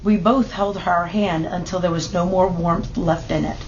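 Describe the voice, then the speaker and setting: A woman reading a children's picture book aloud in steady, measured narration. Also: on the low side, lo-fi sound, background noise. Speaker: storybook reader.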